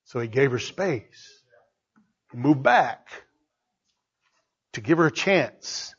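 A man preaching a sermon, emphatic and repetitive, swinging between soft asides and loud exclamations. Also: medium pitch, lively intonation, slow pace, slightly rough, highs cut off.

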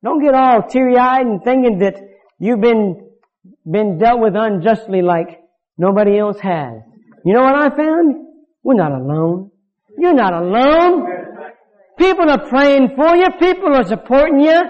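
A male preacher with a very high voice, delivering a fervent sermon that swings from loud to hushed. The recording is dull and lo-fi. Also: expressive, measured pace. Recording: dull lo-fi sound.

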